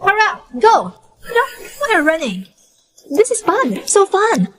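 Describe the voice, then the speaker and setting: A woman's voice: high-pitched, very animated, moderate pace. A woman voicing a cruel, spoiled young rich woman who taunts and mocks in a dubbed drama. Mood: gloating. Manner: taunting, mocking.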